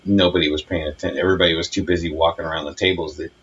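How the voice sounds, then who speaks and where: Male podcast co-host, husky and quick, teasing asides, muffled lo-fi audio. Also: deep voice, fairly even intonation, fairly bright tone. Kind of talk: casual chat.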